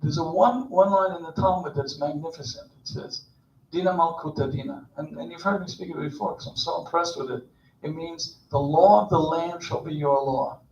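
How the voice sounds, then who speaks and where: A man's voice: a little high, fairly quick, a little mellow. A man giving an informal, chatty sermon at a Shabbat service, with digressions and jokes. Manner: conversational, digressive, joking asides. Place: temple sanctuary. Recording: distant, echoey, dull.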